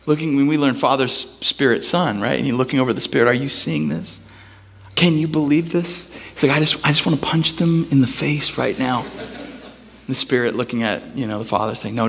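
A man preaching a sermon in a church, telling a story with animated voices for the people in it. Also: long reverb tail. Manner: storytelling, animated, acts out characters with big pitch jumps. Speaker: pastor. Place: church sanctuary.

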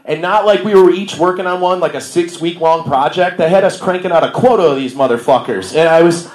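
A man's voice: on the high side, a little fast. A man in his thirties doing a stand-up comedy set in a bar, loose and self-deprecating, often laughing at his own jokes. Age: 30s. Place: bar room with a live audience. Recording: roomy live venue sound.

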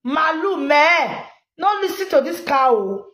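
A woman with a Nigerian Pidgin accent giving animated, scolding commentary, laughing often and repeatedly urging viewers to like and share. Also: sits high, slow pace, reverberant. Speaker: commentary vlogger. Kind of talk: live social media commentary.

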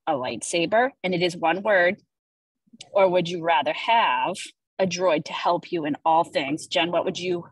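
A playful woman hosting a casual call, with a slightly husky tone that sits on the low side for a woman. The sound is dry and close, with no room around it. She talks with enthusiasm and throws in jokey asides. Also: a little slow, no room sound, rough recording. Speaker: host presenting weekly social media content. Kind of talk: casual chat on a video call.

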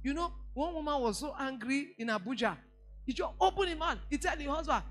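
A woman's voice: sits high, lively intonation, soft background music. Emphatic Nigerian woman pastor preaching. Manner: emphatic, repeats key lines slowly, storytelling. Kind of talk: sermon on marriage.

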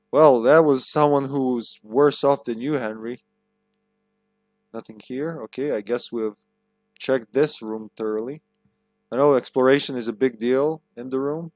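A man's voice: medium pitch, dry recording, studio quality. A man streaming a game, casually commentating, cracking jokes, swearing, and reading the on-screen text aloud.

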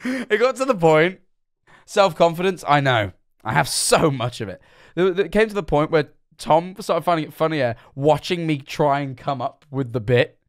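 A man's voice: on the high side, lively intonation, moderate pace, no echo, studio quality. A young man casually commenting while reacting to a video, chatty and self-mocking, stumbling over words.

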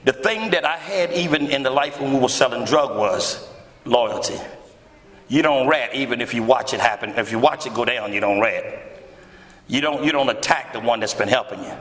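A male pastor preaching to a congregation, telling a story in a lively, theatrical way and acting out the dialogue. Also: moderate pace. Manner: animated, acts out dialogue with big pitch swings. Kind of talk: storytelling sermon. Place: church hall before a congregation. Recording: echoey church hall.

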